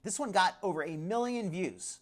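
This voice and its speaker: Animated, chatty woman hosting a livestream. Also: on the low side, moderate pace. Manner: chatty, laughs often, breaks off mid-sentence. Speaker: livestream host. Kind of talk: live commentary on social media clips.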